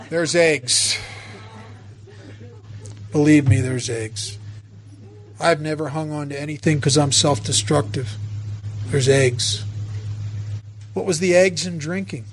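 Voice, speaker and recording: At a recovery meeting, a man with a fairly high voice shares stories from his own life in an earnest manner. He speaks slowly, pauses often, and restarts his sentences many times.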